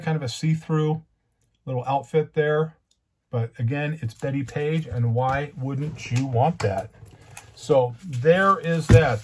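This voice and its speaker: A man's voice: a little high, a little hiss or hum. A man hosting his own comic book channel, talking casually and rambling, growing heated as he rants. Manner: conversational, rambling, heated when ranting. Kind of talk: casual monologue.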